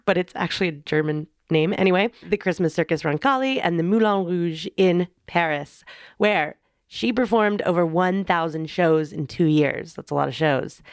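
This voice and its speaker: A woman hosting a circus podcast, chatty and playful as she makes her pitch and introduces her guest. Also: no echo, clean studio sound. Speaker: podcast host.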